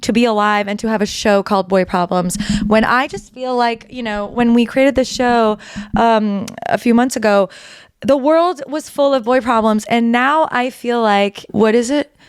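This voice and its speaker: A woman's voice: a little high, normal speed, smooth, dry recording. A woman hosting a podcast, chatting casually to camera in a rambling, self-interrupting, wry and exasperated way. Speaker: podcast host. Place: indoors, under a blanket.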